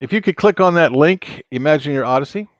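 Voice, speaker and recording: A man's voice: a little high, lively intonation, brisk, no echo, highs cut off. A man hosting a casual live stream, talking and joking straight to his viewers. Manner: chatty, joking, talks to viewers directly.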